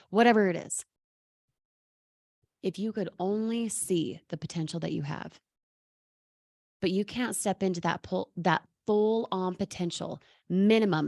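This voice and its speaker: A woman's voice: fairly low pitch, a little slow, a little mellow, no echo, studio quality. A woman giving a bold, sassy motivational talk as a sales coach, calling out viewers by name.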